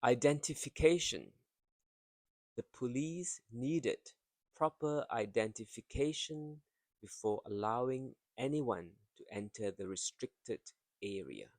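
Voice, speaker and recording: A man teaching English vocabulary, drawing out each word slowly and carefully to show its rhythm and stress. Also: mid-range voice, expressive, a little mellow, dry recording. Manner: slow, careful, drawn-out pronunciation drills. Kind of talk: vocabulary lesson.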